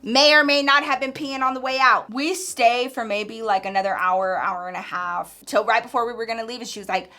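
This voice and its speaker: A woman tells a story to her camera in a casual, gossipy way, full of slang and blunt swearing. Her voice sits high and sounds bright, and she jumps into her friends' voices as she retells what they said. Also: brisk, few pauses. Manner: animated gossipy retelling, acting out friends' lines. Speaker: vlogger.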